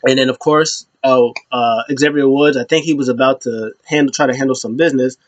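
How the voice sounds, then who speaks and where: A man's voice: medium pitch, steady tone, fairly quick, no echo. A man hosting his own show, giving a casual, rambling recap with many restarts. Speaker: show host.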